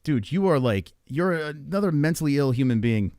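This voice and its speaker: A man's voice: fairly high pitch, expressive, moderate pace, a little mellow, clean tone, no echo, studio quality. A man streaming a rambling, profane monologue with an exasperated manner. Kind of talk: ranting casual monologue.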